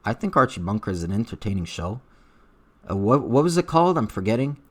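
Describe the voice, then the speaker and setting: A man's voice: fairly low pitch, very animated, fast talker, husky. A man with an accent reading chat comments on a livestream, talking in a blunt and profane way with lots of fillers. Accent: unidentified accent. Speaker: streamer reading live chat.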